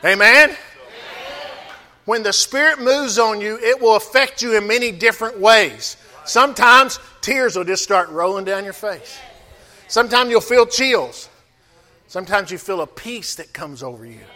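A man's voice: high-pitched, animated, unhurried, bright, forceful tone. A man pastor preaching a sermon, calling out to the congregation for responses.

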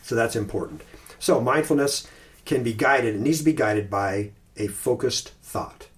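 A man hosting a podcast, talking casually and thoughtfully about Christian meditation, pausing and restarting, sometimes reciting phrases slowly. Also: medium pitch. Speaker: podcast host.

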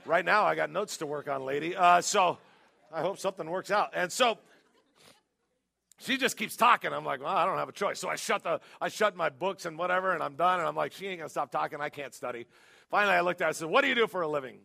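A man preaches a sermon, telling jokey stories and breaking into animated, shouted bursts. His voice sits high and carries a gravelly edge. The tone is bright and sharp. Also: quick pace. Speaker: pastor.

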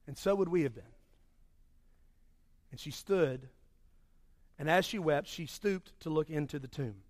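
A man preaching a sermon, swinging between loud emphasis and hushed, slow passages. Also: fairly high pitch. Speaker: pastor.

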